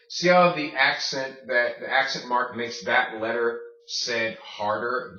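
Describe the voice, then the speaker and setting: A man teaching a casual language lesson, patient, repeating words slowly and checking in with "okay?". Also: mid-range voice, bright, forceful tone. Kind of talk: casual classroom-style lesson. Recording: roomy, distant, dull lo-fi sound.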